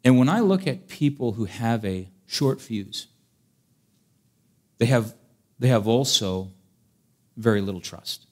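Animated, lively-voiced male preacher. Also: mid-range voice, slow, pauses often. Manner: animated and humorous, dramatizes scripture. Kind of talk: sermon.

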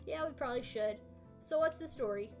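A pointed, reproachful mother, as a woman reads her lines from a game, in a high, near-natural voice. Faint music sits behind the read-along. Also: a little fast. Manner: reading game dialogue aloud in a mostly natural voice.

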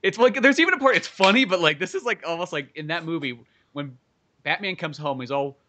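Brief: male co-host, quick and bright, loose and profane chat. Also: a little high, lively intonation, a little hiss or hum. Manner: fast, loose, swears, many fillers. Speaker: podcast co-host. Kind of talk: casual chat.

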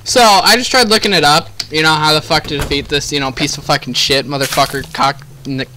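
A man's voice: a little high, fast, heavy background noise. A young man commentating a horror game, venting his frustration with lots of swearing and rambling. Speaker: gaming YouTuber. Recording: game music playing underneath.

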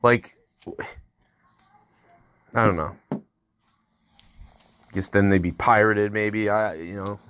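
A podcast host in his thirties delivering an angry, heavily profane solo rant, swearing constantly and working himself up into loud outbursts. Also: lowish voice, slow pace, pauses often, clean tone.

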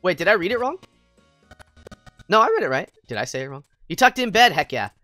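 A woman livestreaming a game, chatting with viewers in a bubbly, goofy way, jumping between squeals and quiet mutters. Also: on the low side, sing-song, fairly quick. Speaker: VTuber game streamer. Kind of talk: casual livestream chat with viewers. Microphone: headset mic. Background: faint game music.

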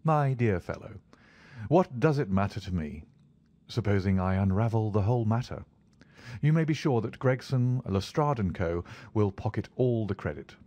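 A man reading the part of a calm, aloof male detective, cool and unhurried in manner. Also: fairly low pitch, dry recording, lightly acted. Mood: dismissive.

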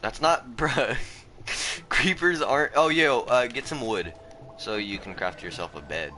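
A man's voice: medium pitch, animated, unhurried, pushed and bright, a little hiss or hum. A man, teasing friends with slang and frequent laughter in casual gaming banter. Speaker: gamer.

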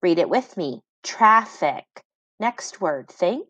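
A woman reading teacher giving a phonics lesson to children, sounding words out slowly syllable by syllable and praising each try. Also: fairly low pitch, animated, fairly bright tone, no room sound.

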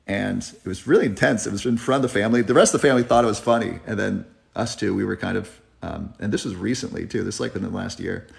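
Man, gravelly and creaky, lowish voice, earnest live Q&A host, reflective. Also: fast. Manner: earnest, reflective, tearing up at times. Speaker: health channel host. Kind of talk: live Q&A chat. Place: driving, in a car.

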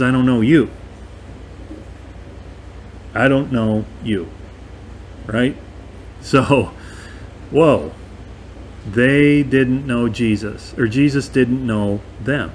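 A man teaching through scripture verse by verse, talking in a conversational and emphatic way. His voice sits at an ordinary middle pitch. A faint hum of air conditioning runs behind him. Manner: conversational, emphatic, asks listeners "right?". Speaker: bible teacher. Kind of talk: verse-by-verse bible study.

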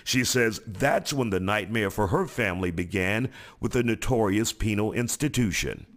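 Male American news anchor, low voice, animated scripted read. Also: normal speed.

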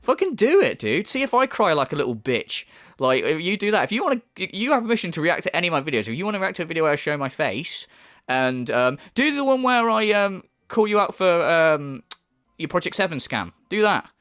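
A man's voice: fairly high pitch, very animated, fairly quick, fairly bright tone. A man ranting through reaction commentary, exasperated, sarcastic and swearing freely. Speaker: commentary YouTuber.

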